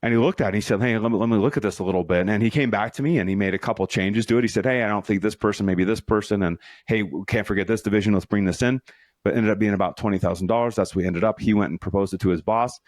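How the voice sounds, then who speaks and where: Middle-aged guy coaching folks on his podcast, lowish voice, dead dry mic, earnest and chatty. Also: racing, darkish tone, no room sound. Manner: earnest, motivational, conversational with fillers. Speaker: podcast host and leadership coach. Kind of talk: solo podcast storytelling.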